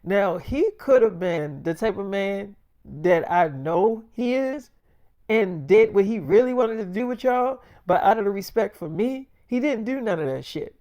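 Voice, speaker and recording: A man's voice: high-pitched, normal speed, warm tone, dry recording, clean studio sound. A man voicing a furious young wife who scolds her mother, cursing heatedly in a freestyle role-play story.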